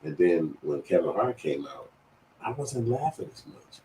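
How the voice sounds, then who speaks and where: A middle-aged man with a very low, warm voice tells a personal story casually as a commenter, rambling and swearing loosely and often restarting his sentences. He's very animated and a little slow. He sounds roomy and somewhat distant from the mic, with faint ambience and a little hiss or hum.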